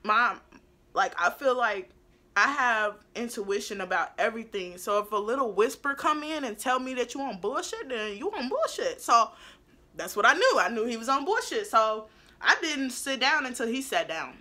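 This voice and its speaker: A young woman telling a casual storytime, animated and blunt with plenty of swearing, dropping into low asides and rising into loud outbursts. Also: normal speed. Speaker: beauty vlogger telling a story.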